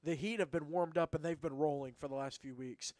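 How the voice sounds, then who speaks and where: A man co-hosting a casual high school football radio show, a former player who talks in a chatty, rambling way and teases his co-host. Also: fairly quick, darkish tone, no room sound. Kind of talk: casual sports talk.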